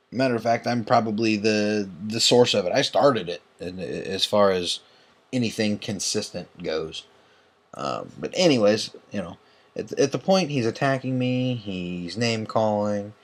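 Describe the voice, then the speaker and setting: Young male vlogger, low-pitched, tired and agitated, swearing through a late-night rant. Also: measured pace. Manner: agitated, profane, tired and yawning. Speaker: online tournament host. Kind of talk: ranting vlog.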